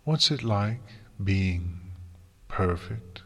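A man's voice: fairly low pitch, lively intonation, drawn-out words, slightly rough, in a large hall, exaggerated voice. A man voicing a timid, eager young female unicorn student who stammers nervously, in an audiobook reading. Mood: awed. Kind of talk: audiobook character voice.

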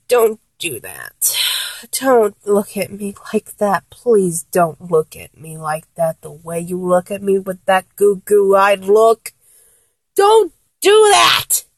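Woman VA as a young woman, flustered and blunt, slow and drawn out, lively pitch. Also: no echo. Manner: exasperated, swears a lot, stammers. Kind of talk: one-sided audio role-play.

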